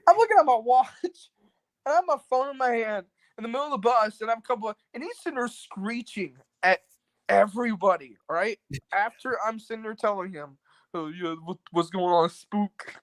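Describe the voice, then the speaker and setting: A man's voice: very high-pitched, brisk, dry recording, rough recording. A man telling a story as a guest on a talk show, rambling and cursing, full of fillers, acting out what others said. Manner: rambling, profane, many fillers; acts out quoted people. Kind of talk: casual storytelling.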